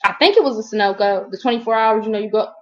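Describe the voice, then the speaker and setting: A woman from Columbus, Ohio, tells a story in a casual vlog. She rambles in slang and fills her talk with "like" and "whatever" in a middle-pitched voice. The audio is slightly dull and lo-fi. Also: racing, a little mellow. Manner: rambling, slangy, lots of fillers. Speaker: vlogger.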